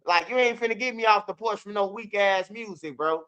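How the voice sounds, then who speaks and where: The audio is dull, though the man's high, sharp voice still sounds clean as he talks fairly quickly. He hosts a commentary channel, ranting loosely and profanely about street news with plenty of repetition and mock rapping.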